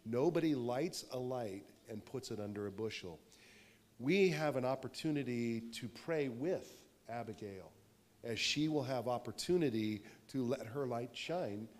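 A man's voice: mid-range voice, animated, measured pace, darkish tone. Man preaching with repetitive cadence. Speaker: pastor, host. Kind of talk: sermon-style exhortation.

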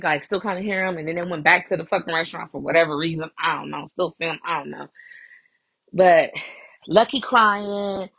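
Profane gravelly woman recapping a show. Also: lowish voice, dry recording, low-quality recording. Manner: profane, animated retelling with quoted voices. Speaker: podcast host. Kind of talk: casual reality-show recap.

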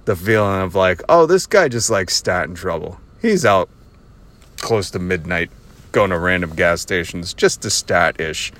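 A man's voice: low voice, lively intonation, a little slow, fairly bright tone. A man hosting his own podcast, telling a casual story with a lot of sarcasm and frequent laughter, recorded while driving. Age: adult with children. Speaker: podcast host. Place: driving in a car.

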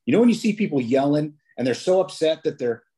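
A man's voice: on the high side, expressive, fast, mellow, husky. A police officer, a man, chatting as a podcast guest, telling stories casually with many restarts and fillers. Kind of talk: casual interview storytelling.

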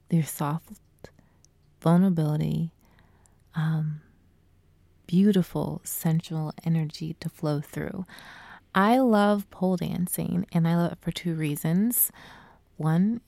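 A young adult woman coaching women on feminine energy in casual talk, speaking softly and drawing words out, often dropping to a near whisper. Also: sits low, creaky, dry recording.

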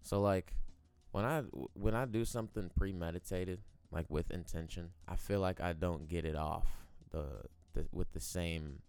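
A man's voice: low voice, normal speed, hardly any pauses, a little mellow, clear, resonant tone, no room sound. A man in his twenties hosting his own podcast, talking off the top of his head in a rambling, profane, musing way while smoking. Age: 20s. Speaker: podcast host. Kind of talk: unscripted solo podcast monologue.

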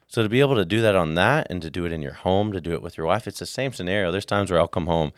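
Very fast and low-voiced, this podcast co-host is captured in studio quality with no room sound. He keeps things casual, telling animated stories and performing the dialogue himself.

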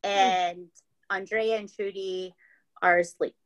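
On dull audio, a woman with a medium-pitched voice and fairly even intonation speaks slowly. As a podcast host, she tells a true-crime story in a casual, talkative way, swearing freely and frequently checking in with "right?" and "okay?".

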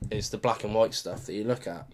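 A man co-hosting a casual podcast, reflective and advice-giving. His voice sits low and even. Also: brisk. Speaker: podcast co-host. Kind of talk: casual chat.

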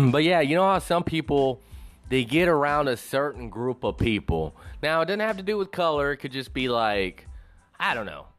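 A man talks alone on his own show in a loose, rambling rant, swearing freely as he drifts off topic. His pitch jumps up and down a lot, and faint music plays behind him. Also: moderate pace. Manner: rambling, profane, animated. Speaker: show host. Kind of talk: casual solo commentary.

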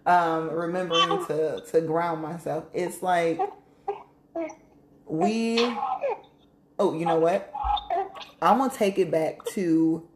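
A woman with a low, deep voice talks casually and candidly, swearing freely and laughing often. Her voice carries the echo of a reverberant room. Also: steady tone, slow pace, pauses often, background noise. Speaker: podcast co-host. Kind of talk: casual chat.

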